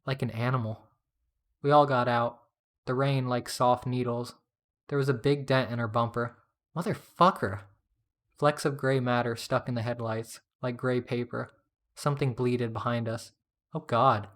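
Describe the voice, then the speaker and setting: A man narrating a first-person story in a steady, plain reading voice. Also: mid-range voice, normal speed.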